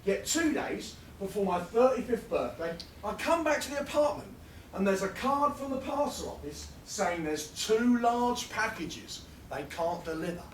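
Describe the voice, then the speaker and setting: Man, performance poet, comic rhythmic delivery, high voice, echoey room, distant mic. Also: animated, a little hiss or hum. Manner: rhythmic, comic, building to rapid lists. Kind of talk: live spoken-word performance. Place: fringe festival venue, live audience. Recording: roomy sound from a distant mic.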